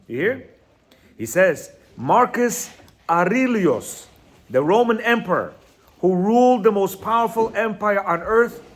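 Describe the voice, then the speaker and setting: A man teaching on marriage and self-control, reading passages aloud and explaining them with frequent asides. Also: sits high. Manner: reads quotes aloud, then explains with asides and constant "you hear?", "right?"; sometimes stumbles over Hebrew words. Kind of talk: informal religious teaching talk.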